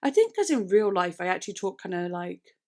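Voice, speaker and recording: Very animated and brisk, a young UK woman with a British accent and a low, darkish voice chats casually while reacting to music on her vlog. She's all over the place, rambling and fumbling her words.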